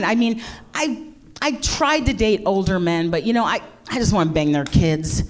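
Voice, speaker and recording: A woman's voice: a little high, animated, moderate pace. Brash, profane middle-aged woman comic. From United States. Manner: brash, profane, self-mocking, playing to the crowd. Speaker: stand-up comedian. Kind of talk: live stand-up comedy.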